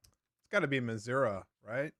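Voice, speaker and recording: Relaxed male co-host, dry mic. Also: medium pitch, normal speed, no room sound. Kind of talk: casual talk show banter.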